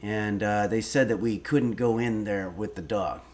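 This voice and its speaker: A man in his fifties hosting a casual cooking livestream, reading viewer messages aloud and answering with deadpan, rambling stories. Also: fairly low pitch, unhurried. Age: 50s. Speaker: streaming cooking show host.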